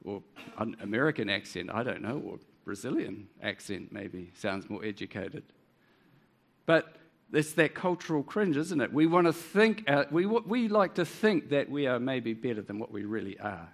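A man's voice: mid-range voice, sing-song, moderate pace, creaky. A man with a New Zealand accent preaching a sermon, earnest and full of rhetorical tag questions.

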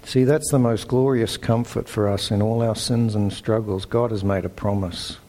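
A man's voice: on the low side, fairly even intonation, normal speed, warm tone. A man with a New Zealand accent preaching a sermon, earnest and emphatic as he reads scripture aloud. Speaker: pastor.

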